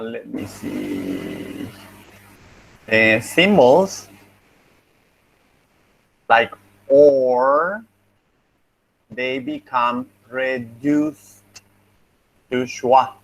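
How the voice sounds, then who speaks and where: A man's voice: mid-range voice, creaky, fairly bright tone, poor audio. A man teaching a phonetics class over a video call, patient and encouraging, thinking aloud as he goes through an exam. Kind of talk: online class feedback.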